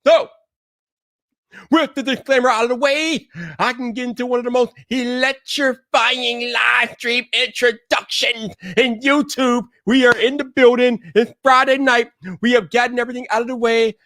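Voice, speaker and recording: A young adult man hosting his own live stream, shouting hype-man cheers between stretches of casual talk to his chat. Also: very high voice, fairly even intonation, normal speed, dry recording, clean studio sound.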